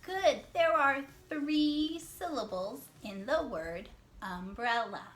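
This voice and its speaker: A woman teacher giving a reading lesson to young children. She talks slowly, draws out words to count syllables, praises answers, and sometimes whispers. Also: high-pitched, background noise. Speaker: classroom teacher.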